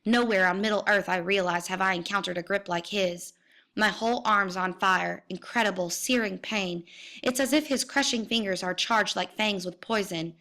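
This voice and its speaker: A woman reads a novel aloud in a bright, ringing voice. Her telling is intense and vivid, and she climbs into cries when the story turns violent. She sits at an ordinary, middle pitch throughout. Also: normal speed. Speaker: reader. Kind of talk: dramatic reading of a novel.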